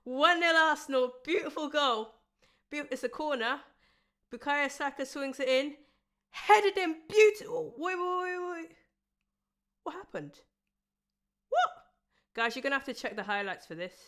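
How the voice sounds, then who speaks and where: Excitable woman calling football live. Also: sits high, moderate pace, long pauses. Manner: excitable, bursts into cheers and shouts at goals; running play-by-play of passes. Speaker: watchalong streamer. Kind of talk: live football watchalong commentary.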